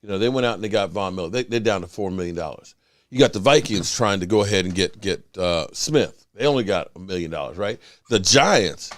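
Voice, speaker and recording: A man's voice: sits low, brisk. A man hosting a casual sports podcast, his voice rising and falling widely as he makes his points. He talks emphatically and often restarts mid-sentence. The sound is dry and close, with little room echo. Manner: animated, emphatic, with frequent restarts.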